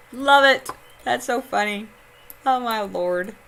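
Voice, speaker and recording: A woman's voice: fairly high pitch, drawn-out words, gravelly, fairly bright tone, slight background noise. A woman from Indiana, chatting casually on a live stream while she plays a game, reading chat aloud and laughing often. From Indiana, United States.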